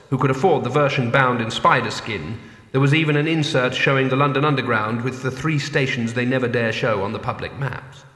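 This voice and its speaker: Measured male audiobook narrator. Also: mid-range voice, fairly bright tone, slightly rough, no echo, clean studio sound. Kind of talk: scripted narration.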